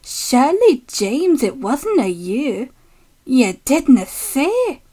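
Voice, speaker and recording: A woman's voice: sits high, animated, a little slow, pitched above the performer's own voice. A woman voicing a bold, cheeky male steam engine who teases innocently and pushes on with grim determination. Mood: teasing. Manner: teasing, grim and shouting when pushing.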